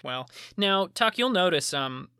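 A man's voice: sits high, sing-song, unhurried, bright, forceful tone, clear, resonant tone, no echo, studio quality. A man co-hosting a podcast, talking in a blunt, sarcastic way and swearing freely. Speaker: podcast co-host. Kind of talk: casual chat.

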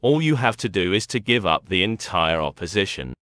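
A man voicing a smooth-talking, scheming male former employer who coaxes and persuades. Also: low-pitched, lively intonation, a little fast, fairly bright tone, dry recording, clean studio sound. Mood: persuasive. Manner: coaxing, persuasive.

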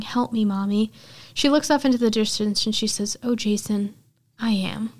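A woman podcast host casually retelling a film's plot in chatty storytelling full of filler words. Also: mid-range voice.

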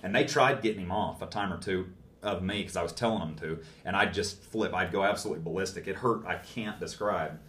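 A man's voice: low voice, fairly quick, fairly bright tone, reverberant. A man telling a long story in casual speech, plainspoken and rambling, with folksy phrasing.

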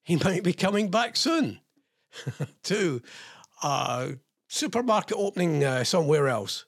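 A man with a slightly husky, fairly high voice rambles through the headlines with sarcastic asides. His pitch swings about a lot as he riffs. It sounds like a casual comic host chatting to his listeners. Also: sing-song, a little slow, no echo, clean studio sound. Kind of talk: casual comedic news commentary.

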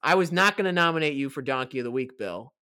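A man's voice: mid-range voice, animated, quick pace, bright, forceful tone, clear, resonant tone. A man hosting a casual podcast, telling stories in a playful, hyped way. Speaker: podcast host.

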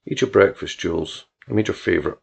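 A man reading the part of a possessive, irritable man in an audiobook, with a sharp, reproachful delivery. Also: low-pitched, fast, vocal fry, husky, voice pushed down, heavily acted. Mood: demanding.

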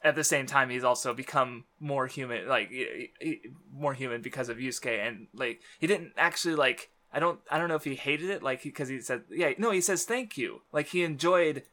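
A man's voice: mid-range voice, brisk, few pauses, bright, forceful tone. A man casually discussing a manga series as a podcast co-host, rambling with many fillers and restarts.

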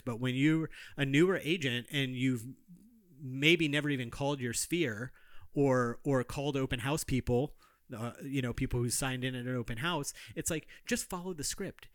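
A man's voice: medium pitch, moderate pace, no echo. Emphatic man co-hosting, dry sound. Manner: emphatic, argumentative, repeats for force. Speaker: podcast co-host. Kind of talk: casual chat.

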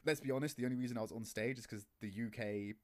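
A man's voice: racing, a little mellow. A man chatting casually about esports, laughing easily and acting out remembered conversations. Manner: chatty, laughs easily, acts out quotes with a higher voice. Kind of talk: casual podcast chat.

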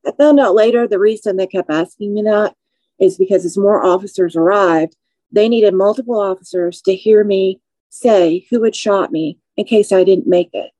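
A woman in her forties with a warm, mellow voice shares a personal testimony as a podcast guest. She speaks slowly and in measured phrases, with feeling. The sound is dry and close. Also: medium pitch, no echo, rough recording. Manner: measured, slow, emotional recounting.

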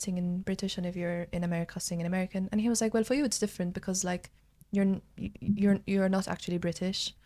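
Young maltese woman chatting, lowish flat voice, says like a lot. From Malta. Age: young adult. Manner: chatty, many fillers like "like". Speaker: drama school student guest. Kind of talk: casual podcast chat.

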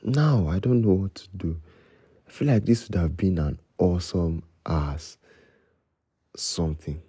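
Late at night, a young Nigerian-accented man hosts his own podcast solo, talking low in a very deep, husky, mellow voice. He rambles and freestyles expressively at a normal pace, drifting between Pidgin and English. The recording is close and dry, with no echo.

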